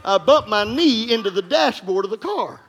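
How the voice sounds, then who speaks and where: A pastor preaching an energetic sermon to his congregation, telling stories with jokes and bursts of shouting. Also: high-pitched, moderate pace. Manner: animated, joking, breaks into shouts. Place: church congregation room.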